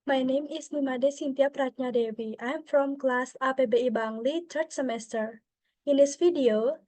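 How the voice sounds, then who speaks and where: Slow, high-voiced young Indonesian woman. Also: darkish tone, no echo. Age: young adult. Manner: hesitant, many filler "uh"s, switching between English and Indonesian. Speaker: student presenter. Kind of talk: classroom presentation.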